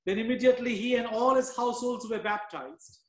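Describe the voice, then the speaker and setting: A man reading a scripture passage aloud in church at a steady pace. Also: very high-pitched, fairly quick, echoey room, poor audio. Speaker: scripture reader.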